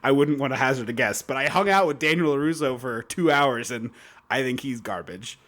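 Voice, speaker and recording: A man co-hosting a podcast in casual chat, ranting in a lively, mocking way. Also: mid-range voice, a little fast. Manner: animated, mocking rants. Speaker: podcast co-host.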